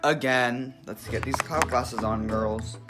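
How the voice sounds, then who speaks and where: A man's voice: medium pitch, slow pace, a bit bright, faint music behind. A man giving a sassy, dramatic confessional as a reality game contestant.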